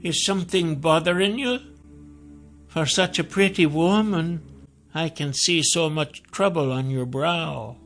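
A man's voice: fairly high pitch, unhurried, faint music behind, pitched above the performer's own voice. A man voicing a soothing, ageless robed woman. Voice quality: warm, soothing. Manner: gentle, coaxing. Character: tall mysterious woman in black robes, over a hundred, soothing.

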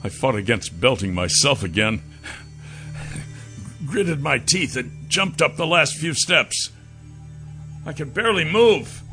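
A man narrating a first-person fantasy audiobook with a dramatic, expressive reading. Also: mid-range voice, slow, pauses often, soft background music.

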